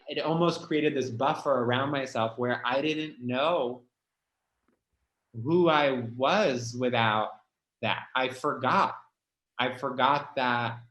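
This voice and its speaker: A man's voice: mid-range voice, fairly bright tone, echoey room, poor audio. A man speaking as a guest, telling his own story candidly and emotionally, full of "like" and the odd swear word. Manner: emotional, confessional, heavy filler "like", swears.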